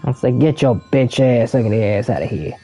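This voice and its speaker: Brief: angry profane male streamer mid-rant, mid-pitched, game music underneath. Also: lively intonation, normal speed, warm tone, husky. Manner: angry, heavily profane, ranting. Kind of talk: ranting gameplay commentary.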